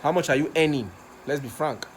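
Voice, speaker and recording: A man's voice: on the high side, brisk, a little hiss or hum. A man with a Nigerian accent, recording a passionate rant video, repeating himself and stumbling over words as he gets worked up. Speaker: vlogger.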